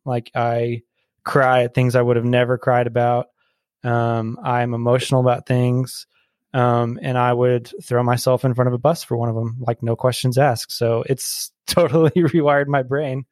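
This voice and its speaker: A man's voice: medium pitch, normal speed, no echo. Laughing chatty man with a dry sound. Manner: animated storyteller, laughs often, many fillers. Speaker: podcast guest, brewery employee. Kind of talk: casual podcast conversation.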